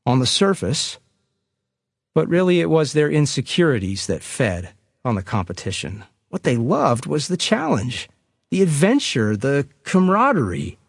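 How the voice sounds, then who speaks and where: A man preaching a sermon, telling a story with an animated storyteller's delivery that swells at dramatic moments. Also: on the high side, vocal fry, breathy edge, dry recording, clean studio sound.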